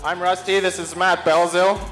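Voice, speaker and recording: A young man giving a casual, deadpan-joking acceptance speech for his crew. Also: sits high, moderate pace, faint music behind. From Canada. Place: bar at an awards night.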